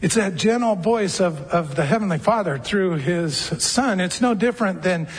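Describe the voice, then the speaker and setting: A man preaching a sermon to a church congregation, in a conversational way, softening his voice to act out gentle quoted words. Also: high-pitched, expressive, moderate pace, husky, long reverb tail. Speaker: pastor.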